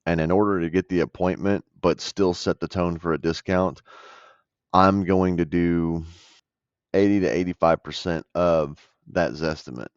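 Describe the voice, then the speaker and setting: Deep blunt man coaching on a deal. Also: steady tone, moderate pace, no room sound. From American South. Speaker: real estate investor explaining a deal. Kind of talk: casual commentary over a call recording. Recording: dull dry voice-over.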